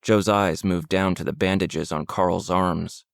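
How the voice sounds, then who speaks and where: A man narrating an audiobook in a steady, measured storytelling voice. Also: sits low, creaky, dry recording, studio quality. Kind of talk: scripted narration.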